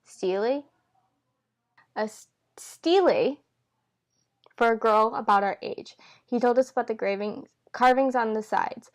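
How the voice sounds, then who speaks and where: A woman reading a novel aloud at home in a relaxed, unpolished way. She trips over words, backs up and rereads them. The characters' lines come in her own plain voice. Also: fairly high pitch, moderate pace. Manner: stumbles and corrects herself with asides. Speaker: amateur reader. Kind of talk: casual read-aloud of a novel.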